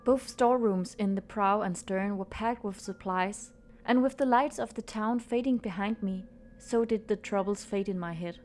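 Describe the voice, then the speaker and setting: A woman playing a student podcaster who chats hesitantly and then reads a ghost story aloud in a steady voice. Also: mid-range voice, normal speed, soft background music, lightly acted. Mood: storytelling.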